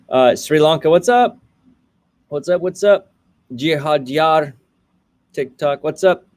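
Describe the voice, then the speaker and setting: A man's voice: mid-range voice, darkish tone. Casual male host, 30s, running a coding livestream and greeting viewers by name.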